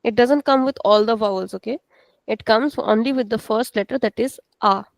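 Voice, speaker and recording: A woman's voice: fairly high pitch, moderate pace, vocal fry, no room sound. A woman teaching a language lesson, explaining step by step and checking in with "okay". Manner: switches into Hindi to explain.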